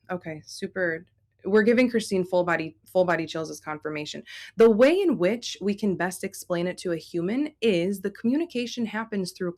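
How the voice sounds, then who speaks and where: A woman channeling a serene ancient Earth mother spirit, speaking in slow, measured, solemn pronouncements. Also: lowish voice, natural voice. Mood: explaining. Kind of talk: spoken channeling.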